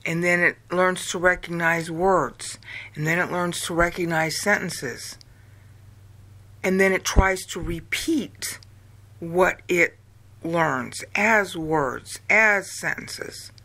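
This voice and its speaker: Slow, deliberate American woman lecturing. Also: on the low side, pushed and bright. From United States. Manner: slow, deliberate, with drawn-out words and counting aloud. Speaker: video lecturer. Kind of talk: explanatory talk.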